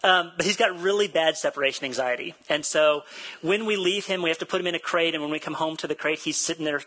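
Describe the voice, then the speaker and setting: A man's voice: fairly high pitch, fast talker, bright, forceful tone, rough recording. A man preaching a sermon, telling a personal story in a chatty, self-deprecating way and laughing easily. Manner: acts out quoted dialogue. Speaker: pastor.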